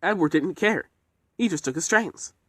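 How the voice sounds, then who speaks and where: Profane amateur narrator, lively, dry mic. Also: male voice, on the high side, moderate pace, dry recording. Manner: rambling and profane. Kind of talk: casual amateur storytelling with swearing.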